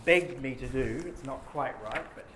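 A man's voice: mid-range voice, moderate pace. Man teaching in an echoey classroom. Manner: explains patiently, chants rhythms aloud. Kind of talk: classroom lecture. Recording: echoey classroom with background noise.

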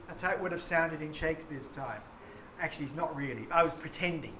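A male teacher with a high, bright voice teaching a poetry lesson, quizzing his class and reading lines slowly. He sounds lively and questioning. The bare classroom gives his voice a strong echo, with a faint hum behind it. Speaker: English teacher. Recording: echoey classroom with faint noise.

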